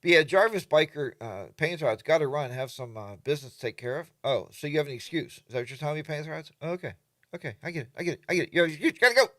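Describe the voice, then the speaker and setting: An older man hosting a relaxed live chat, reading viewer comments and mimicking other riders in exaggerated voices. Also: a little high, very fast, dry recording, studio quality. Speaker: livestream host.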